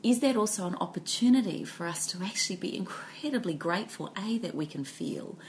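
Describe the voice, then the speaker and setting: A woman's voice: lowish voice, fairly quick, slight background noise. Thoughtful New woman podcaster. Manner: thoughtful, animated storyteller. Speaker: podcast co-host. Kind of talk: casual reflective chat.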